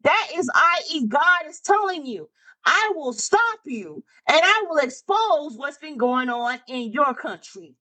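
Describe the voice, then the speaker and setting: A woman's voice: high-pitched, sing-song, a little slow, pushed and bright, low-quality recording. A woman preaching a fervent sermon, repeating lines for emphasis and calling out to her listeners.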